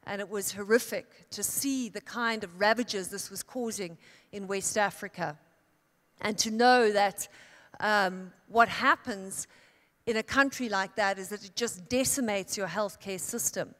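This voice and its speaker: A woman from Italy tells a story from a conference stage, pausing for effect and letting her voice swell on key words. Her mid-pitched voice carries into a large hall with a long, ringing reverb. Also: a bit bright. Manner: dramatic storyteller with emphatic pauses and swells. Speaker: keynote speaker. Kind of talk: storytelling speech.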